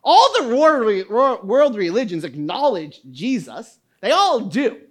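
A woman's voice: fairly high pitch, sing-song, slow. A woman pastor preaching a sermon, emphatic and full of repeated questions. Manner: emphatic, questioning, with quoted asides.

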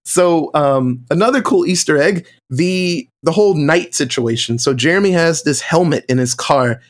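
A man in casual movie-podcast chat, telling stories with lively quoted voices. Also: fairly high pitch, normal speed. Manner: animated storytelling, acting out quotes in shifting voices. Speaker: podcast co-host or guest.

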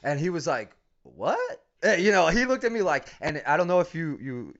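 A man's voice: a little high, big pitch swings, a little fast, fairly bright tone, muffled recording. A man who coaches fighters, chatting casually and profanely, telling stories with frequent laughs. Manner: profane, storytelling, laughs often. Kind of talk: casual podcast chat.

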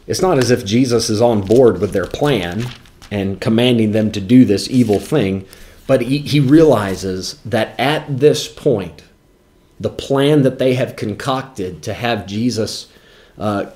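A male preacher delivering a sermon, quoting scripture in old-style wording and slowing down for emphasis. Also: lowish voice, a little mellow. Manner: varies pace, slows down for weight.

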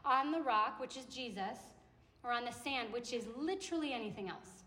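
A young adult woman preaching a sermon to a campus ministry gathering, in a conversational, animated way that acts out little quotes. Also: on the high side, moderate pace. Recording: echoey hall with long reverb.

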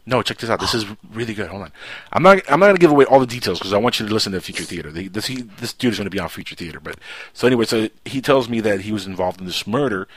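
Give me a rambling male podcast host with a lowish voice telling a story in a dry, close recording. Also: racing, no echo. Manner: rambling, animated, keeps saying "check this out". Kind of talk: casual storytelling chat.

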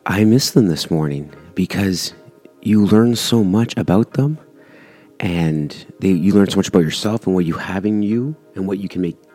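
A man's voice: low voice, warm tone. A man hosting his own podcast, talking casually and rambling with frequent ums and self-corrections. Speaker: podcast host. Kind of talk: casual solo podcast monologue.

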